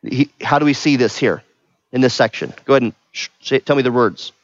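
Preaching a little fast in a mid-range voice, a middle-aged pastor turns his sermon into a conversation, stopping often to quiz the room and say "right?". There's no room sound, though the recording is dull and lo-fi.

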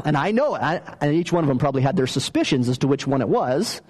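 A man's voice: medium pitch, big pitch swings, quick pace, few pauses, darkish tone. A man preaching a conversational sermon, telling stories and asking the listeners questions. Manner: conversational, story-driven preaching with asked questions. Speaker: pastor.

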